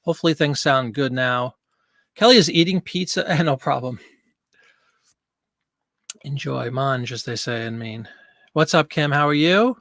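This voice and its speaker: A chatty, jokey man hosts a casual live stream, greeting his viewers one by one. His voice sits a little high and has a gravelly edge. The desk-mic sound is dry and close. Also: moderate pace, fairly bright tone, no echo. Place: home studio with green screen. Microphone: desk microphone.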